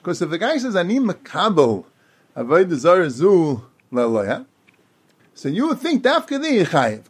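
A man giving a Talmud lecture, explaining quickly in run-on sentences and acting out the speakers he quotes. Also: high voice, breathy edge. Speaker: Talmud teacher.

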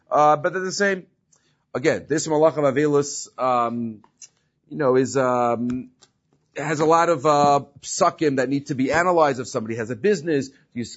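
Man teaching a talmud class. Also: medium pitch. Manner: explains step by step, often asking "right?"; mixes English with Hebrew and Aramaic terms. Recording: slightly dull lo-fi recording.

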